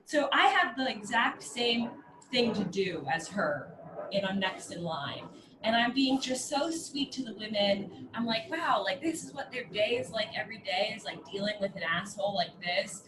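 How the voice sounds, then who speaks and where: A woman co-hosting a podcast, telling a story in an animated, chatty way. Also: mid-range voice, moderate pace. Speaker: podcast co-host. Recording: roomy echo, faint background noise.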